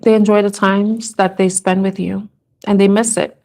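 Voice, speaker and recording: A woman leading a live tarot reading, her voice soft and caring as she wanders from thought to thought. She speaks straight to her unseen listener at an ordinary middle pitch, and her feeling rises close to tears. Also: little pitch movement, normal speed, creaky. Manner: tender, rambling, moved to tears at times. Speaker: tarot reader.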